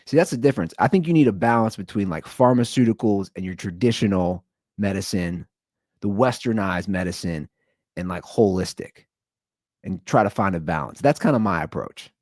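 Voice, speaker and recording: A man in his thirties hosting a casual solo podcast from home, talking in a rambling way that swings from loud bursts to low asides. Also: expressive, normal speed, no echo, studio quality. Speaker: podcast host.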